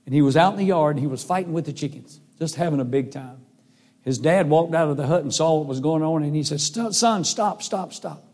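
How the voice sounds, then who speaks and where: A man's voice: fairly high pitch, fast talker, warm tone. A man preaching a sermon and telling stories in an earnest, folksy way. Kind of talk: sermon with storytelling. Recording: long hall reverb.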